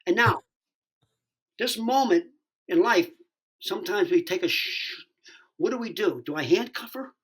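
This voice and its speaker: Husky-voiced man telling a rowdy story. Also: sits high, expressive, measured pace, long pauses, fairly bright tone. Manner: profane, acts out the dialogue in his story. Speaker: podcast guest, stand-up comedian. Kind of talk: animated anecdote telling.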